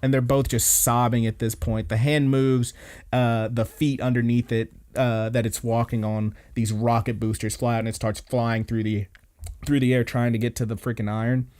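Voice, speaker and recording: Brief: a male podcast host with a middle-pitched voice, casually recapping anime with profanity. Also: normal speed. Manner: profane, excited retelling of scenes.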